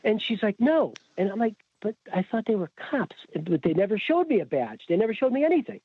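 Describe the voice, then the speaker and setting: A man's voice: high-pitched, fast, slightly rough, no room sound. A man from Connecticut with a Connecticut accent, telling a story as a podcast guest, acting out the voices of others with many restarts. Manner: animated, acts out quoted voices, frequent restarts. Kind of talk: storytelling in a casual chat. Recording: tinny phone-like audio, dry.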